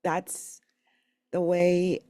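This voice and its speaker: A middle-aged woman from the Philadelphia area telling her life story in a candid, emotional, rambling way, with halting restarts. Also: fairly low pitch, completely flat delivery, dark tone, dry recording. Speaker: channel host sharing her life story. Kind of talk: personal storytelling monologue.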